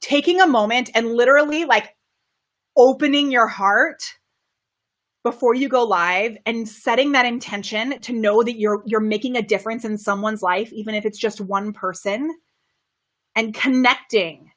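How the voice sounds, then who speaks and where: Bubbly, excitable woman coach. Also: moderate pace. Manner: high-energy, giggly and excitable. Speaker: camera confidence coach. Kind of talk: live-streamed coaching talk. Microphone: microphone kept far from her.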